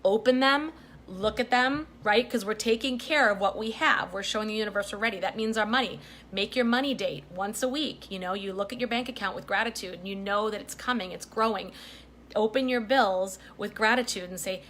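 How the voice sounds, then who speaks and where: A woman's voice: medium pitch, moderate pace, fairly bright tone. Middle-aged woman vlogging, chatty, keeps going "okay? right?", bit of faint noise in the back. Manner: chatty and emphatic, frequent "okay?" and "right?" check-ins. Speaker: vlogger giving life advice. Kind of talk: casual direct-to-camera advice.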